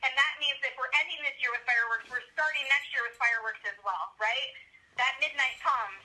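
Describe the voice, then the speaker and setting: A woman's voice: high voice, fairly quick, bright, forceful tone, low-quality recording. A woman guest speaker delivering a motivational pep talk on a team call, her voice dropping at the ends of phrases. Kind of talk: motivational speech.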